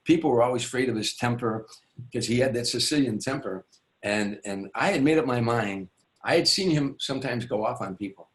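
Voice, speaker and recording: A male comedian spins a show-business yarn for an interviewer. His voice sits in an ordinary middle pitch. He rambles and restarts, and slips into the voices of the people in the story. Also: brisk. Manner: rambling, with many restarts and asides. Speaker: guest, stand-up comedian.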